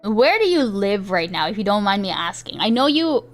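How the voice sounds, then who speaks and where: A woman livestreamer with a mid-range, sing-song voice chats casually with her chat at a normal pace. She rambles, restarts sentences, and laughs often, with faint chill music playing in the background.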